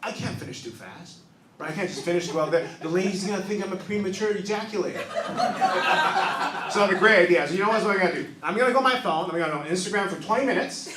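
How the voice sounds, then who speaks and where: A man in his thirties doing a stand-up comedy set on a club stage, telling stories with lively acted-out quotes. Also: sits high, very fast, distant mic, noisy background. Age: 30s. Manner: animated storytelling with acted-out quotes. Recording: roomy club recording heard from off-mic with crowd. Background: audience laughter.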